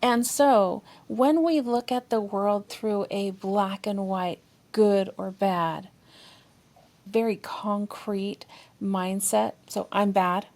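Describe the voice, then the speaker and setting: A woman's voice: mid-range voice, takes it slowly, darkish tone. A woman therapist co-hosting a relationship podcast, talking expressively and acting out inner dialogue with feeling. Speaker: therapist co-host.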